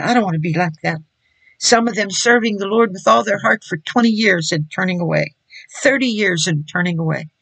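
A woman's voice: medium pitch, fairly bright tone, dry recording, low-quality recording. A woman preaching, telling her personal testimony in an earnest, emphatic storytelling manner.

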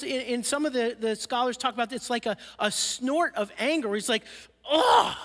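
High-voiced pastor preaching in a reverberant hall. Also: male voice. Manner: earnest, drops soft and slow for emphasis. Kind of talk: sermon. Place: church sanctuary.

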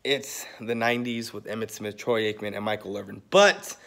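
A man's voice: on the low side, steady tone, moderate pace, vocal fry, a bit bright. A man ranting as a sports fan vlogger, heated and sarcastic, swearing often. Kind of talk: profane fan rant.

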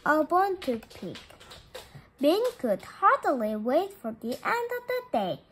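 A woman reads a children's story aloud, her high voice bouncing up and down with lots of expression. She takes it slowly and carefully, with a bright, clear tone. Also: a little hiss or hum. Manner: lively, expressive read-aloud with small slips. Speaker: storybook reader. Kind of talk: reading a children's chapter book aloud.

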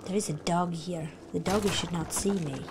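A woman streamer giving excitable live reaction commentary on a video game, shrieking, gasping and talking to the characters on screen. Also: fairly low pitch, moderate pace, background noise. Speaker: gaming streamer.

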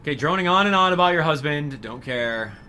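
A man's voice: fairly high pitch, expressive, a little fast, sharp tone, a little hiss or hum. A man giving a playful, sarcastic commentary over a video game he is playing. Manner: sarcastic, joking asides. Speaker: gaming commentator. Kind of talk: let's play commentary.

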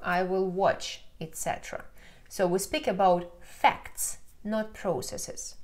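A woman with a Russian accent, a native Russian speaker, explaining grammar patiently in an online lesson and often checking in with the learner. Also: mid-range voice. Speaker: language teacher.

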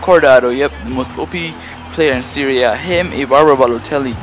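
A young man commentating his own football video game match as he plays, grumbling in frustration and breaking into loud excitement. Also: medium pitch, a little fast, music in the background. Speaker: gaming YouTuber. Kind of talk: live gameplay commentary.

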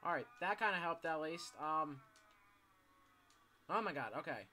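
A man's voice: on the high side, animated, a little slow, pauses often, sharp tone, a little hiss or hum. Panicky, foul-mouthed young male gamer. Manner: swearing, panicky outbursts. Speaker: gaming YouTuber. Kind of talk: gameplay commentary.

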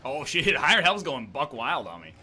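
A man hosting a casual chat while gaming, with quick joking banter. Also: on the high side, sing-song, bright, forceful tone, breathy edge. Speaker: host.

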